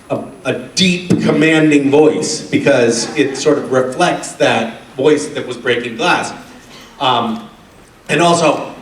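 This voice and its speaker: A middle-aged man telling funny stories to a convention crowd, animated and often laughing. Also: slight background noise. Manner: animated, laughing, drops into a deep gravelly put-on voice for quotes. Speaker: convention panel guest. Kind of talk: casual storytelling on stage. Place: convention hall stage. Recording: echoey hall, distant mic.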